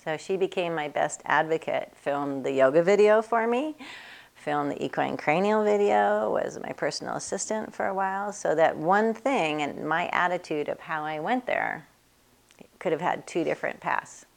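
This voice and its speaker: A woman's voice: on the low side, animated, moderate pace, creaky. A woman who works on horses and teaches students, telling casual stories in a chatty way and laughing often. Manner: chatty, acts out other people's voices in quotes, laughs often. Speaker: equine bodywork practitioner and teacher. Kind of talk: casual anecdotal storytelling.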